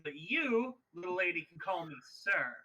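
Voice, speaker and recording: A man's voice: high-pitched, animated, normal speed, pushed and bright, pitched below the performer's own voice, exaggerated voice, low-quality recording. A man voicing an arrogant male biker gang boss who talks down to people in a swaggering, condescending way. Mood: condescending threat.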